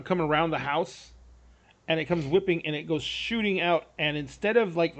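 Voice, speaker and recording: A man running a tabletop game as game master, describing scenes in a rambling way with frequent restarts. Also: on the high side.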